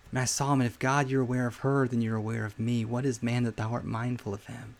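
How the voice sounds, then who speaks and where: A man's voice: medium pitch, flat delivery, fast, creaky, hardly any pauses. A man hosting a devotional podcast, preaching informally in an earnest, exhorting way, repeating phrases for emphasis and often saying "man". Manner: conversational, often says "man". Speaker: podcast host giving a devotional.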